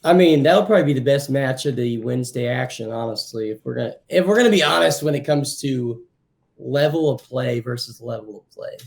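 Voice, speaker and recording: A man with a gravelly, mid-pitched voice co-hosting a casual football podcast. He makes his predictions in a laid-back, sure-of-himself way. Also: brisk. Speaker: podcast co-host. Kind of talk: casual sports chat.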